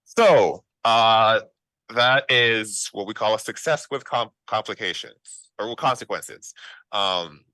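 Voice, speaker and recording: A lower-pitched man with a bright, forceful tone runs a tabletop game as game master. His talk is relaxed and chatty, full of "um" and "like". The sound is dry and close, with no room echo. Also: takes it slowly. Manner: relaxed, conversational narration with fillers.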